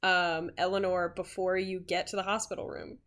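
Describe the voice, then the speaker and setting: A woman running a tabletop role-playing game as game master, narrating scenes slowly with many fillers. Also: on the low side, flat delivery, a bit bright. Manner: unhurried, filler-heavy narration.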